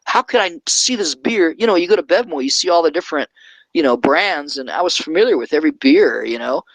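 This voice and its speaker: A man's voice: fairly high pitch, expressive, brisk, no room sound, low-quality recording. A man, a guest from California, telling a rambling story in casual talk and often checking in with "okay?". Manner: rambling, keeps adding "okay?".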